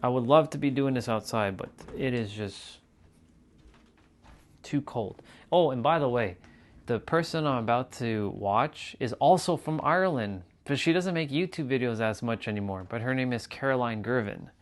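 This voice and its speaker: A man on his live stream speaks at a medium pitch, animated yet at a moderate pace. He chats casually with viewers in a rambling way, repeating himself and restarting phrases.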